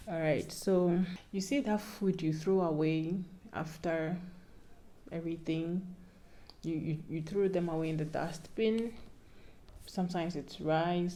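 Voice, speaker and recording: Ghanaian lady vlogging life advice, low voice, kinda preachy but playful. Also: warm tone. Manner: playful and pleading, gives advice like a sermon. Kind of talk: casual advice vlog.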